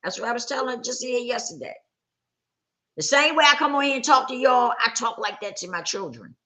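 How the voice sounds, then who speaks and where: A woman's voice: on the high side, animated, brisk, pushed and bright. A woman hosting a live talk, giving an earnest motivational talk to her audience. She repeats her points for emphasis and keeps checking in with her listeners. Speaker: livestream host.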